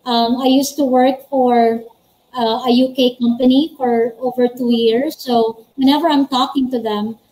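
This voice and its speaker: Higher-pitched woman explaining. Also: fairly even intonation, measured pace, mellow, poor audio. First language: Filipino. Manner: practical, explaining step by step. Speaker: guest, former call center agent. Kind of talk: interview answers on a live stream.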